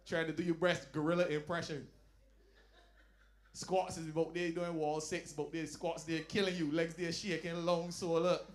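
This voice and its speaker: A man performing a stand-up comedy set, telling loud, animated stories and dropping into low asides. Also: normal speed. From Barbados. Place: lounge comedy night.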